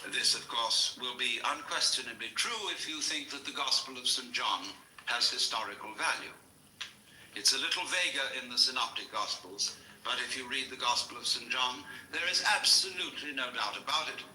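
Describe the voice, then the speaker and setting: A man giving an anecdotal lecture to an audience, with a wry, lively storytelling manner. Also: medium pitch, moderate pace. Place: lecture hall before an audience. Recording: roomy lecture hall recording with faint hiss.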